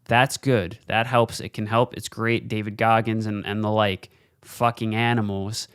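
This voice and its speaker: Close and dry into a studio mic facing the camera, a podcast host gives a blunt, casual motivational monologue, swearing freely and slowing way down to stress his points. His smooth, resonant voice is on the low side, with a flat delivery and a slightly bright tone, and there is no room sound.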